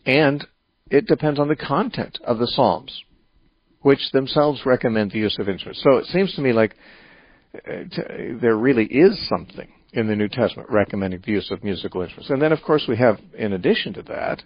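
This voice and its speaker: A man hosting a call-in radio show, giving measured, reasoned answers to a caller's question about the Bible. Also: medium pitch, dry recording, muffled recording.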